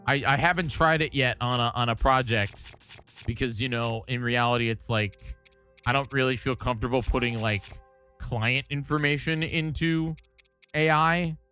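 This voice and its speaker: A man's voice: mid-range voice, moderate pace, smooth, faint music behind. Chatty, rambling male streamer. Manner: rambling, animated, frequent restarts. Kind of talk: casual chat.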